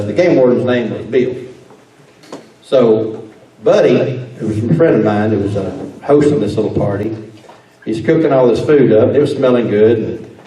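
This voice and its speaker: Sheriff telling stories in an echoey hall. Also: male voice, fairly low pitch, warm tone. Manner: drawling, repeats words as he restarts. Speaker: sheriff giving an awards dinner speech. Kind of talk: folksy after-dinner speech with storytelling. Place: banquet hall. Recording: echoey hall recorded from far off.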